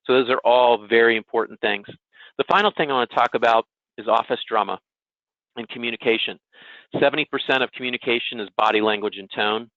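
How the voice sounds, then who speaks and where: A man's voice: mid-range voice, fast, dry recording. A man giving a casual, conversational webinar presentation who often checks in with listeners by asking "right?". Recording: tinny phone-like webinar audio, dry.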